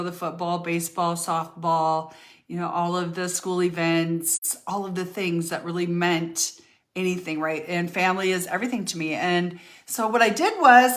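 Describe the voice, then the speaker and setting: Chatty, candid older woman. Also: fairly low pitch. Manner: chatty, candid, animated, with many fillers and restarts. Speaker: vlogger telling her life story. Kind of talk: casual storytelling to camera.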